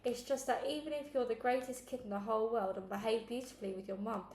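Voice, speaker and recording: A woman's voice: a little high, steady tone, fast talker, a little mellow, lightly acted. A woman voicing an exasperated, blunt adult foster mum in a storybook reading. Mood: patient. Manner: blunt, losing patience. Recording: echoey room, faint noise.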